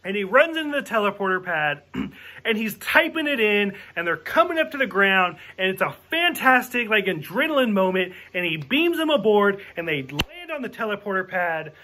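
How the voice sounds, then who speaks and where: A man's voice: sits high, sing-song, moderate pace, bright, forceful tone. A man reviewing a movie in a casual rant, exasperated and swearing, acting out the characters' lines as he goes. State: drinking while reviewing.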